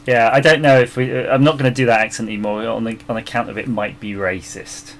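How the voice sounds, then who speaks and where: A man's voice: medium pitch, steady tone, fast. A man hosting a live stream, chatting casually and laughing often as he works, with his microphone about three feet from him. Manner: chatty, laughs often, mutters while searching. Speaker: livestream host designing a circuit board. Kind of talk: casual live-stream chat while working. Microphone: microphone about three feet away.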